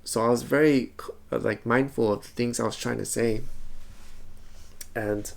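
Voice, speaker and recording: Casting: male vlogger, gravelly low-key voice, calm and reflective, soft-spoken. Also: moderate pace. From Hmong community background. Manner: soft, calm, reflective telling with many repeated words. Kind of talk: personal vlog talk.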